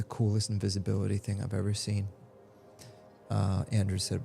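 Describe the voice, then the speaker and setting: A man's voice: fairly low pitch, completely flat delivery, moderate pace, vocal fry, mellow, faint music behind. A man live-streaming a game, chatting casually and rambling as he reads out viewers' messages. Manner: rambling and talkative, reads chat aloud.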